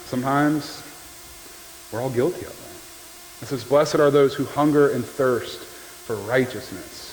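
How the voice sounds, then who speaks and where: A man preaching a sermon as the pastor, in a conversational, joking way that keeps checking in with the listeners. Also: mid-range voice. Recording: long hall reverb with faint background noise.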